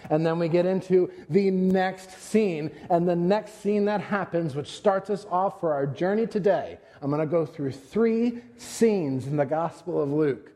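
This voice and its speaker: A pastor with a high-pitched, warm voice preaches a conversational sermon in a big-room acoustic. He retells scenes as stories and acts out the quotes.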